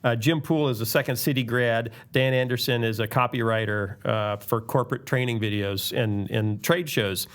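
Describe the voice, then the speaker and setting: A man's voice: mid-range voice, steady tone, normal speed, hardly any pauses. Joking man hosting a podcast. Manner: joking, reads listener questions aloud. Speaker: podcast host. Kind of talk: casual chat.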